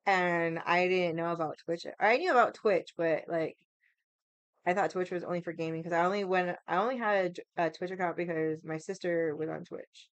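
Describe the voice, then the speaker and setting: A woman's voice: fairly low pitch, steady tone, normal speed, smooth, no room sound. Foul-mouthed woman streamer, rambling. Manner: profane, rambling, heavy use of "like". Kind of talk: casual storytelling chat.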